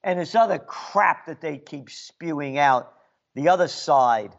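A man's voice: a little high, expressive, measured pace, gravelly, muffled recording. A man delivering an angry, sarcastic political rant as a commentator. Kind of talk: ranting monologue.

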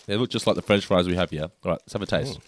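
A man's voice: sits low, very fast. A man, co-hosting a casual snack taste test and describing each food with enthusiasm. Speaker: co-host.

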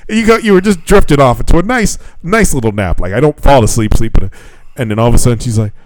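Podcast co-host, male, swings all over in pitch, dry close sound, swears freely. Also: quick pace, no echo, low-quality recording. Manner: animated storyteller, swears freely, squeaky voices when quoting people. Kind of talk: casual chat.

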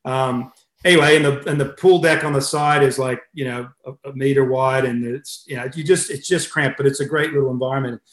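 A man's voice: medium pitch, steady tone, fairly quick, roomy sound. A middle-aged Australian man, a swimming coach being interviewed, who chats casually and tells stories with many fillers and restarts. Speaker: head swimming coach, guest.

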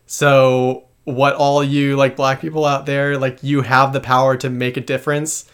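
A man's voice: medium pitch, level tone, moderate pace, a bit bright, clear, resonant tone. A man co-hosting a podcast in casual chat, laid-back, retelling jokes he heard. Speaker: podcast co-host.

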